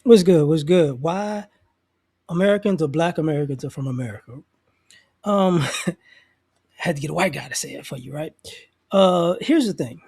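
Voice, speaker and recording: A man's voice: a little high, lively intonation, moderate pace, creaky, pauses often, a little mellow, husky, no echo, clean studio sound. A man hosting a reaction video, talking in a laid-back, direct, conversational way. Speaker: commentary video host. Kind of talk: casual reaction commentary.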